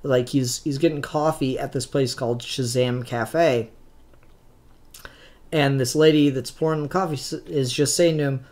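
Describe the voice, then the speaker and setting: A man's voice: mid-range voice, steady tone, measured pace, darkish tone. A young man giving a casual comic book review in a blunt, ranting, profane manner.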